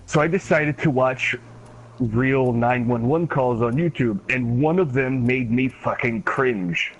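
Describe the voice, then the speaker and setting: A man's voice: mid-range voice, a little slow. A man hosting a gaming channel, who tells rambling stories in casual chat and swears freely. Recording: dull lo-fi stream recording with faint noise.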